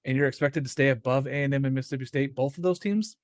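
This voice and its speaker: A man co-hosting a college baseball show in casual sports chat, animated, often laughing and acting out quoted reactions. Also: mid-range voice, fast talker, dry recording, studio quality.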